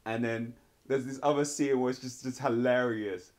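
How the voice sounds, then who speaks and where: This TV reviewer has a medium-pitched, slightly mellow voice with fairly even intonation, talking at normal speed. He wanders casually through the episode, filling his speech with "like" and "sort of."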